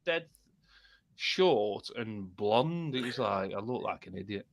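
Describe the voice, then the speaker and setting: A man co-hosting a casual podcast, an animated storyteller who swears freely. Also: lowish voice, slow, vocal fry, no room sound. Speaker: podcast co-host. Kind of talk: casual chat.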